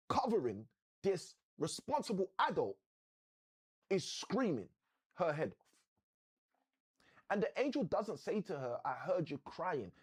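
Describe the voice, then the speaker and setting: A man hosting a live motivational session, telling a story like a preacher with slow, dramatic emphasis. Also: on the high side, darkish tone, slightly rough.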